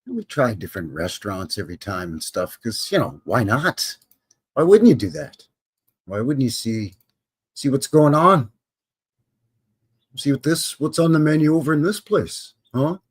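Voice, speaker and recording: A husky-voiced man in his fifties chats on a live stream. He rambles and jokes, his pitch rising and falling in a lively way. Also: normal speed. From Canada. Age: 50s. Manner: joking, rambling, drops into silly voices. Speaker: host. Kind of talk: casual live-stream chat.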